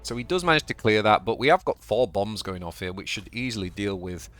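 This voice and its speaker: A man with a Yorkshire accent talks through his card game turn by turn in a relaxed commentary voice. His voice sits fairly low, and he thinks aloud, trips over words and doubles back on himself. Soft music plays quietly in the background. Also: fairly quick. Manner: chatty, thinking aloud, stumbles and repeats words. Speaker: channel host and card game player. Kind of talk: casual gameplay commentary.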